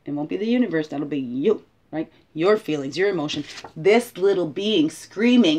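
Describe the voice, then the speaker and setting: A woman's voice: low-pitched, animated, normal speed, a little mellow. A woman giving a casual, reflective spiritual guidance talk, thinking aloud and tagging her sentences with "right?". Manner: tags many sentences with "right?". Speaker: spiritual guide.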